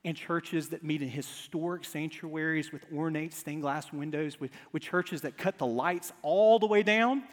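A male pastor preaching a sermon to his congregation, telling stories with humor and swinging from quiet asides to loud emphasis. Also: a little high, normal speed, hardly any pauses. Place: church sanctuary before a congregation. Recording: long reverb of a large church hall.

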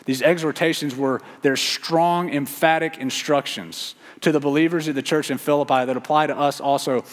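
A man's voice: fairly high pitch, steady tone, normal speed. A man delivering a sermon as pastor, earnest and repeating key phrases for emphasis. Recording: long reverb of a church hall.

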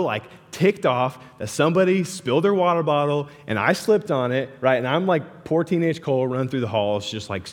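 A young man preaching a sermon, talking casually and animatedly, with lots of "like" and "right" as he tells stories. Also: mid-range voice. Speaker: pastor. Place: large hall with a live audience. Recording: hall reverb.

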